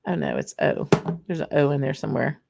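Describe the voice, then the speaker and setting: Low-voiced woman hosting a whisky stream. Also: big pitch swings, a little fast, creaky, noisy background. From Louisiana, USA. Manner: chatty and rambling, laughs often, greets viewers. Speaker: host of a whisky livestream. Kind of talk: casual live tasting chat.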